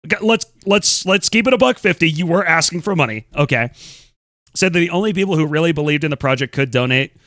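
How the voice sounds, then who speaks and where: A man talks on stream in a lively, swooping voice, blunt and openly disbelieving, with some swearing. His tone is bright and forceful. The sound is dry and close. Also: fairly high pitch, fast talker, no echo. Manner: blunt, incredulous, swears freely. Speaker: streamer host. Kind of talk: casual stream commentary.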